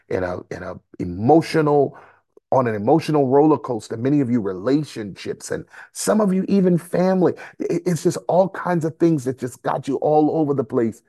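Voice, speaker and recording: A man preaching a fervent sermon to listeners on a conference call, repeating phrases and breaking into sudden shouts. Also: medium pitch, no room sound, studio quality.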